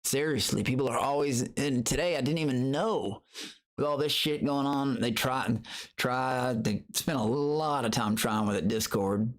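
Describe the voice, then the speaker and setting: A man's voice: medium pitch, moderate pace. A man chatting casually on his livestream, boasting and taunting his critics while greeting viewers in chat.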